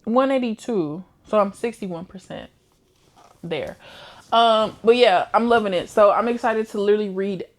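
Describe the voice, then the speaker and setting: Young woman, casual book-chat vlogger, lively slangy storyteller. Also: mid-range voice, normal speed. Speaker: book reviewer.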